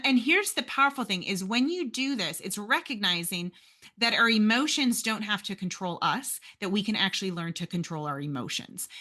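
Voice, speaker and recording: A woman's voice: medium pitch, sharp tone. A woman hosting a podcast, giving an earnest, encouraging faith-based motivational talk straight to her listeners. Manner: earnest, encouraging, addresses listeners as you guys. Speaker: podcast host.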